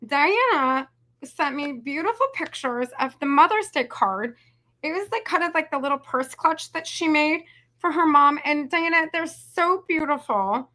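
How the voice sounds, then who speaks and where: Bright chatty woman in her forties. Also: sits high, animated, a little slow. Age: 40s. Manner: chatty, rambling, says "y'all" and "you guys". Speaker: craft video host. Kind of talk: casual live craft tutorial chat.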